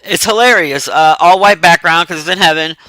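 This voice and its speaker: A man's voice: fairly high pitch, brisk, sharp tone, dry recording, rough recording. A man casually recapping a film plot in a rambling, profane way with frequent laughter. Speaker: movie reviewer.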